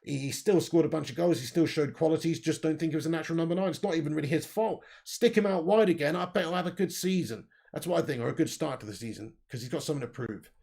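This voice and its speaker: A man's voice: fairly high pitch, fast, gravelly, hardly any pauses, a little mellow. A young man hosting a casual football livestream, talking bluntly, swearing often and reading out the live chat. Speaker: football channel livestream host.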